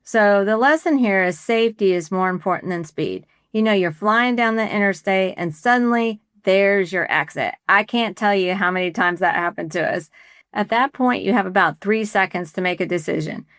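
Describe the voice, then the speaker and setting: A woman's voice: mid-range voice, normal speed, fairly bright tone, no room sound, studio quality. Woman telling a story on a faith podcast. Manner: conversational storytelling with quoted dialogue. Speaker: podcast co-host. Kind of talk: faith-based podcast talk.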